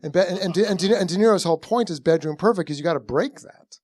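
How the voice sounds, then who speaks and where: A film director in an onstage conversation tells rambling anecdotes, acting out what people said with animated quotes. His high-pitched voice moves fast, often restarting and dropping "you know". The recording is dry, with clean studio sound.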